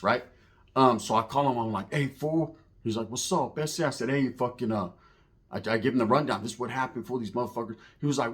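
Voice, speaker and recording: A middle-aged man recounts a story in a loose, streetwise way, swearing freely and checking in with "right?" after his points. His pitch sits at an ordinary middle level for a man. He slips into the voices of the people in the story as he goes. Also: fairly bright tone. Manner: streetwise slang and profanity, frequent "right?"; acts out other people's lines in the story. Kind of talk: casual storytelling to camera.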